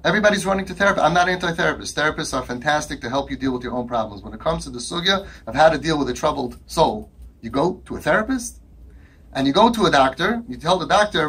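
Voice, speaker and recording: Brief: man with a high, husky voice, emphatic speaker to an audience. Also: lively intonation, fast talker, fairly bright tone. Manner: emphatic, rhetorical questions, acts out dialogues. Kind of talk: impassioned talk to a live audience.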